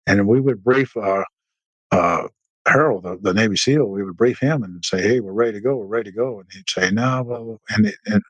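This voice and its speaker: Speaking at normal speed in a slightly rough voice, a middle-aged veteran guest tells war stories in a casual interview. He rambles, restarts often and uses fillers, raising his pitch to act out quoted dialogue. The recording is dry and low in quality.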